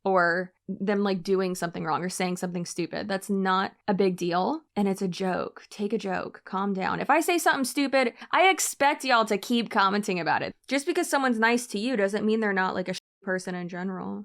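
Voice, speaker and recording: A woman's voice: mid-range voice, brisk. Sarcastic young woman reading comments. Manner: sarcastic, dry, eye-rolling delivery. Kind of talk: casual vlog commentary.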